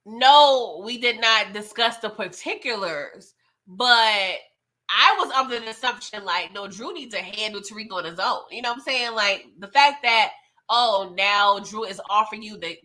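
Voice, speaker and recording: A woman's voice: medium pitch, pushed and bright. A woman hosting a casual live show recap, chatty and laughing often, retelling scenes in quoted voices. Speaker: TV recap host.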